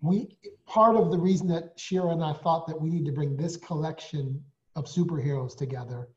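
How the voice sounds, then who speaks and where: Man co-hosting a panel, slightly high voice, hesitant and rambling, muffled video call sound. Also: darkish tone. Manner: hesitant, with many fillers and restarts. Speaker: co-host.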